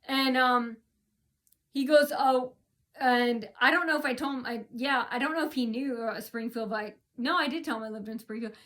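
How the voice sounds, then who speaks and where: High, bright-voiced indignant woman rambling. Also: moderate pace. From United States. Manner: indignant, rambling, with many restarts. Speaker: vlogger. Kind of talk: casual complaint vlog.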